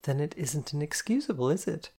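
A reader putting on a bossy, teasing older sister who plays the disciplinarian, her voice pitched well above the narrator's and clipped with mock patience. It is storybook character work from an audiobook reading, brisk and commanding. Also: lively intonation, warm tone, husky.

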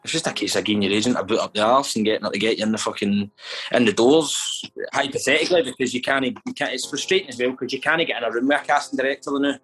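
A man's voice: medium pitch, quick pace, a bit bright, breathy edge, soft background music, poor audio. A Scottish man, an actor guest, talking casually with swearing and banter. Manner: sweary, laid-back banter. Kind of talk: casual chat.

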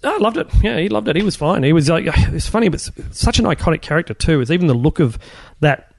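Fast-talking gravelly man. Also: on the high side, big pitch swings, no echo. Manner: rambling, many restarts and fillers. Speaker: guest, film puppet and props builder. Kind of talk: casual interview chat.

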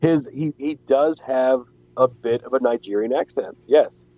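A man's voice: mid-range voice, unhurried, warm tone, no room sound, lo-fi sound. A man co-hosting a wrestling podcast, chatting casually with jokes, restarts and giggles. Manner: joking, rambling with restarts and giggles. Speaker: podcast co-host.

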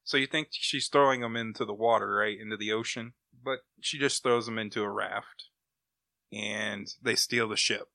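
Man, very bright voice, dry close sound, rambling comic recap, casual podcast chat. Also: fairly low pitch, fairly even intonation, normal speed, creaky, dry recording. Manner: rambling, enthusiastic retelling. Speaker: comic book podcast host.

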